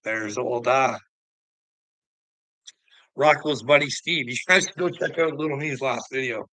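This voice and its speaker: Guy ranting on a stream, cussing a lot, picking fights with chat, sharp tense voice. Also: medium pitch, a little slow, no echo, low-quality recording. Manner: profane, confrontational, goading. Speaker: livestreamer answering chat. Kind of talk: unscripted ranting livestream.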